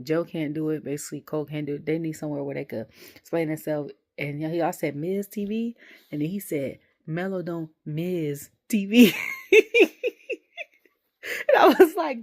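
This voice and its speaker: A woman's voice: low-pitched, darkish tone. A young adult woman, rambling animatedly through a casual wrestling review and acting out the voices she quotes.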